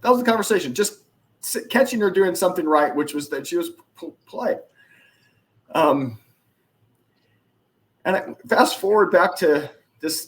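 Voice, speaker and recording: A man telling sales stories as a podcast guest, acting out the dialogue with lively shifts in his delivery. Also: a little high. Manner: animated, acts out dialogue in anecdotes. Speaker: podcast guest, influence expert. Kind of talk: casual storytelling interview.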